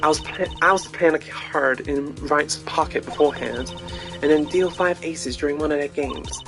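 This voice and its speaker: A man voicing a scheming young woman card sharp with a sly, boastful manner, reading game dialogue aloud. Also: fairly high pitch, moderate pace, over music, close to an everyday voice. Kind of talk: game dialogue read-along.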